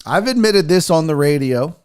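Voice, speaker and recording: A man's voice: a little high, lively intonation, moderate pace, a little mellow, smooth. A man from the American South hosting a casual sports talk livestream, brash and profane, joking and chatting with his viewers. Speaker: sports talk show host.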